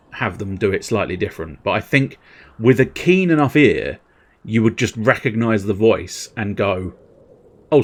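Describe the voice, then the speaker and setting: A man chatting casually while streaming a video game, joking and reading out dialogue. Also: fairly low pitch. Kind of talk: casual gameplay commentary.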